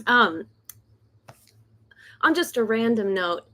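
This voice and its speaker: A young woman with a slightly high voice chats nervously to viewers on a livestream from home. She laughs often and talks in a loose, friendly way. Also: lively intonation, slow, a bit bright. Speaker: host of a decluttering channel, author. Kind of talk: casual livestream chat. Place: home in South Korea.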